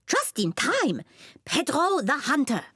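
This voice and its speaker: An actress playing a kindly grown-up cartoon animal in a gentle, theatrical way, with a breathy voice. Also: female voice, high-pitched, wildly swooping pitch, slow pace, no room sound, studio quality, exaggerated voice.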